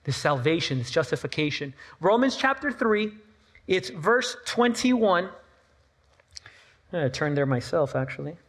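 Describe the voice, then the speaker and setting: Big pitch swings mark this high-voiced pastor's church sermon, delivered a little slowly in a bit-bright tone. The large hall adds long reverb. His talk is casual, with repeated points and playful asides.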